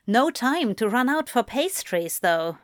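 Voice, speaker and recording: A woman narrating a story in a measured, even storytelling voice. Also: on the high side, dry recording, clean studio sound. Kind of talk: audiobook fan fiction reading.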